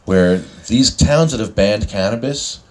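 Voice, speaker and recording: A man's voice: lowish voice, measured pace, a little mellow. A man hosting a podcast, talking casually and ranting with sarcasm. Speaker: podcast host. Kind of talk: casual chat. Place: New Jersey.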